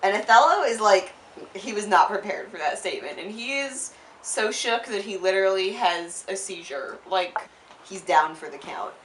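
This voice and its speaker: A woman's voice: mid-range voice, lively intonation, moderate pace, background noise. Tipsy young woman rambling in a roomy space. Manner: rambling, profane, full of "like" and "uh", giggly. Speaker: storyteller. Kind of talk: tipsy casual retelling of a classic play. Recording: roomy sound from a distant mic.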